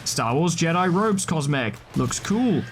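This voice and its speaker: A man rambling casually as he commentates a video game list, tossing out quick offhand verdicts and the odd swear. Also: on the high side, big pitch swings, soft background music. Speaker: gaming video creator.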